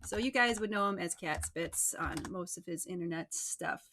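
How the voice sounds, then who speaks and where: A woman hosting a casual livestream interview show, chatty and bubbly and quick to laugh. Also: fairly low pitch, slight background noise. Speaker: host.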